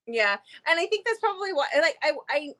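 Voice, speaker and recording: A woman's voice: sits high, very animated, quick pace, bright, forceful tone, rough recording. A woman co-hosting a casual book review chat, talking hesitantly with fillers and restarts and laughing easily. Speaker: mother.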